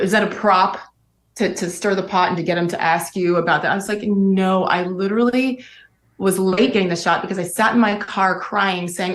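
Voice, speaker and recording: Woman in her 40s telling her story, candid and choked up, echoey room. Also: medium pitch. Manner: candid, tearful, halting. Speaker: interview guest, sportscaster. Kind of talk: emotional interview recollection.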